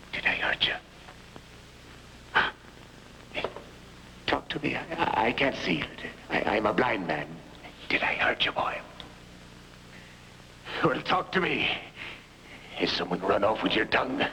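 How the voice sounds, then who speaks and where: A man's voice: medium pitch, very animated, measured pace, pauses often, bright, forceful tone, slight background noise, exaggerated voice, rough recording. An actor playing a frightened, hunted blind man in a 1960s TV drama, pleading and stammering, often dropping to worried half-whispers. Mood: anxious. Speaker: lead actor.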